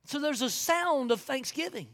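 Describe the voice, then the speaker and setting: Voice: high-pitched, lively intonation, moderate pace, fairly bright tone, big-room sound. A pastor with a Southern US accent preaching a sermon with folksy asides and sudden whoops of joy.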